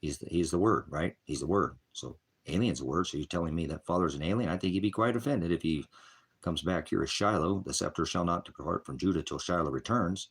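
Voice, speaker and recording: A man giving a rambling, informal sermon as a preacher, combative and profane, often clearing his throat. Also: sits low, brisk. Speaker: street preacher.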